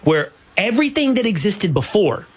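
Husky, emphatic male talk-show guest. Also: high voice, big pitch swings. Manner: emphatic, argumentative, drawn-out stresses on key words. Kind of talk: casual political chat.

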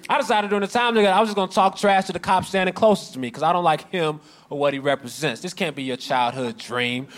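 A man's voice: high-pitched, quick pace. A man telling a stand-up story in a sardonic, conversational way, now and then slipping into mocking voices. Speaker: stand-up comedian.

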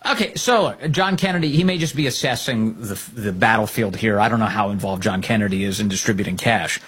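A man's voice: lowish voice, brisk, fairly bright tone, breathy edge. A man hosting opinionated political commentary, talking in a sarcastic, mocking way.

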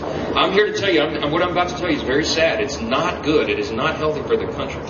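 A man's voice: a little high, quick pace. A man giving an emphatic campaign stump speech at an event, often restarting and repeating phrases. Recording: echoey, distant, muffled, with background noise.

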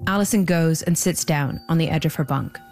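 Low-voiced woman narrating a documentary. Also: darkish tone, faint music behind. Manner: measured, deliberate storytelling. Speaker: podcast host and narrator.

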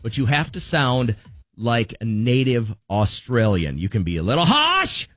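A man's voice: mid-range voice, normal speed, dry recording, studio quality, soft background music. A man hosting a morning radio show, joking with callers and giving contest instructions in a breezy, upbeat way. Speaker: radio host.

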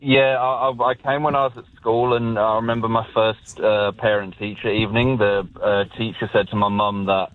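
A man with an English accent, calling in to a radio show and chatting in a relaxed, modest way. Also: lowish voice, normal speed, few pauses, dry recording. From England. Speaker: caller. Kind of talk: phone-in chat on radio. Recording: dull phone line.

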